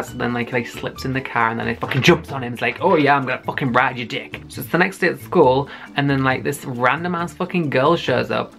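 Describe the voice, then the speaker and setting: A young man recapping a web series in a loose, rambling way, full of fillers and swearing. His voice has a gravelly edge at a middle pitch, with a faint musical bed behind him. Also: fairly bright tone. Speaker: YouTube reviewer.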